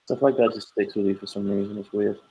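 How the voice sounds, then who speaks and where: A man's voice: on the low side, fast talker, highs cut off, a little hiss or hum. A man in his thirties, a podcast co-host, telling stories in casual chat and acting out quoted lines. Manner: animated storyteller, acts out quoted lines loudly.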